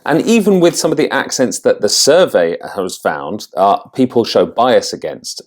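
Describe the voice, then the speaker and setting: A man with a deep, low voice talks through a quiz in a relaxed, casual way. He is an accent coach, and he thinks aloud, often stopping and starting over mid-sentence. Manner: thinking aloud, halting restarts.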